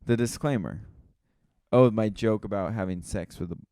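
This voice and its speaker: A man co-hosting a casual comedy podcast, telling animated stories and swearing casually. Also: on the low side, normal speed, no room sound, studio quality. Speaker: podcast co-host.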